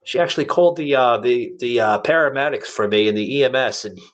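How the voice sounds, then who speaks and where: A man's voice: mid-range voice, quick pace. Rambling male podcast host. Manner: rambling, animated storyteller with many fillers and restarts. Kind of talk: casual storytelling chat.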